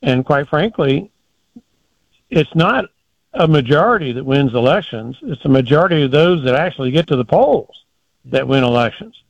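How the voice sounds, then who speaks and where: An older man giving political commentary as a guest in a measured, folksy, deliberate way. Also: fairly high pitch, lively intonation, gravelly, no room sound, low-quality recording.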